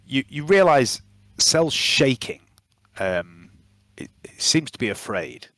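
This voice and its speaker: A man runs a tabletop game in a relaxed, halting style, with many fillers. His voice sits at a middle pitch. The sound is dry and close to the mic. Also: no echo. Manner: casual, filler-heavy narration. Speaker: game master.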